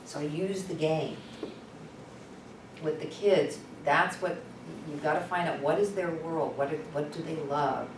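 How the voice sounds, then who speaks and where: Woman presenter, candid storyteller, lowish voice, far-off mic in a noisy room. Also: unhurried, echoey room. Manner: animated, conversational, candid. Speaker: workshop presenter. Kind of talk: storytelling teaching talk. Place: workshop room.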